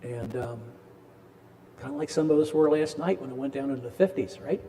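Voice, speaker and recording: In a parish hall with a long reverb tail, a man in his sixties presents an addiction class, his medium-pitched voice brisk and warm. He gives a casual, folksy lecture full of stories and jokes with the audience.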